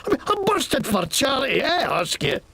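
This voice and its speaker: An actor playing a foul-mouthed, boastful Scottish petty crook with a Scottish accent in a video game, talking in a rambling, crude way. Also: male voice, very high voice, big pitch swings, moderate pace, vocal fry, pushed and bright, husky, dry recording, heavily acted, low-quality recording. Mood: indignant.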